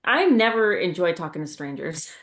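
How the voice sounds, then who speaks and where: A woman's voice: lowish voice, animated, moderate pace, a bit bright. A woman on a podcast chatting casually and backing up her co-host with short, supportive replies. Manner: supportive, reacts with short agreements. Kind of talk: casual chat.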